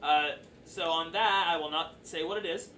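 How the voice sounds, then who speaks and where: A man's voice: a little high, normal speed, pushed and bright. A man narrating a tabletop game as dungeon master, loose and chatty with lots of fillers. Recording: echoey room, far from the mic, faint noise.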